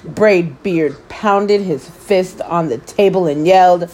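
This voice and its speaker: A woman hosting story time, reading a children's picture book aloud with expressive, animated delivery. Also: lowish voice, slow pace, background noise.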